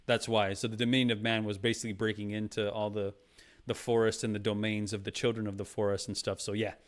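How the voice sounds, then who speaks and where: A man's voice: fairly low pitch, flat delivery, fast talker. A man streaming a casual review chat, rambling with many fillers and restarts, calling viewers "Mama".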